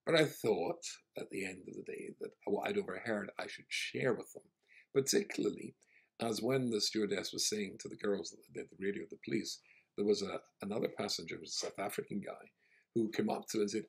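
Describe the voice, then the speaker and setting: A low-voiced male rabbi recounts a story with wry, self-deprecating humour. His voice is gravelly and husky, with a relaxed storytelling flow. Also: fairly quick. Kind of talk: storytelling talk.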